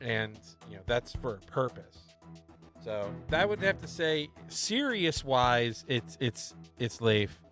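A man co-hosting a casual podcast chat about voice acting, rambling with halting restarts. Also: mid-range voice, big pitch swings, fairly bright tone, faint music behind. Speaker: co-host and voice actor.

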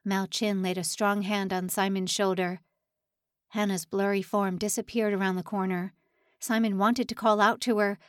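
A woman's voice: mid-range voice, little pitch movement, normal speed, dry recording, studio quality. A woman narrating a suspense novel audiobook in a dramatic, tension-building read. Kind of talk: scripted narration.

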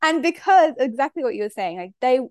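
Candid, animated woman podcast host. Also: sits high, fairly quick, no echo, studio quality. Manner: animated, candid storytelling with frank language. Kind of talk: conversational podcast interview.

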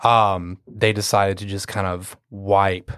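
A man with a low voice and a sore throat talks in an easygoing podcast chat. He rambles and restarts his sentences often. The sound is dry and close. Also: flat delivery, takes it slowly, a bit bright, clear, resonant tone, no room sound. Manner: rambling, with frequent restarts and fillers. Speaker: podcast guest.

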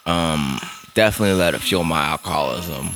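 A man's voice: extremely low pitch, fairly quick, fairly bright tone, slight background noise. A man hosting his own podcast, talking alone in a candid, rambling way with lots of swearing and filler words. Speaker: podcast host. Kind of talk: solo casual monologue.

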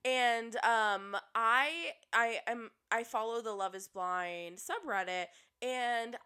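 A young woman co-hosting a podcast, recapping reality TV in a gossipy, animated way and swearing freely. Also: on the high side, slow, clean tone. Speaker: podcast co-host. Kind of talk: casual reality-TV recap chat.

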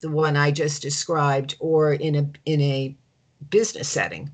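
Low-pitched woman host, hesitant and conversational. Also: level tone, measured pace. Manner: thoughtful, hesitant, many fillers. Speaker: interviewer. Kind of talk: conversational interview.

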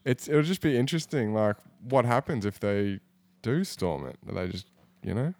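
Low-voiced laid-back podcast host man. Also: expressive, moderate pace, vocal fry, a little mellow, dry recording. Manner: laid-back, rambling with fillers. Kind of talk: casual podcast chat.

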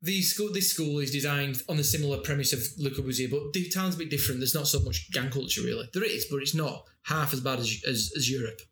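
A man's voice: medium pitch, fast, few pauses, a bit bright. A man with a Yorkshire accent chatting casually, rambling through stories with lots of restarts. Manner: rambling, with many restarts and tangents. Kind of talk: casual chat. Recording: roomy echo.

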